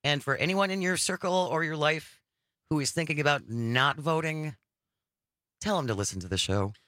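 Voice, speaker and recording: A male radio co-host with a bright, clear tone, recorded close and dry in the studio. He poses earnest questions, halting and restarting as he thinks aloud. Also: a little high, no echo. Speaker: radio talk show co-host. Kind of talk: casual political radio chat. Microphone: studio microphone.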